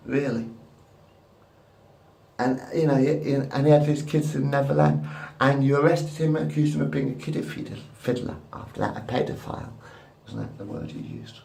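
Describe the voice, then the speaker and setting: A man's voice: mid-range voice, moderate pace, creaky, darkish tone. A man in his fifties rambling crudely and repetitively to a camera at home. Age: 50s. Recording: echoey room.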